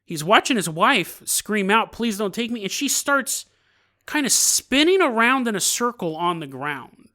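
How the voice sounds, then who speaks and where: A man hosting a podcast, telling a story casually with joking asides and quick laughs. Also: high-pitched, sing-song, bright, forceful tone. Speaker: podcast host.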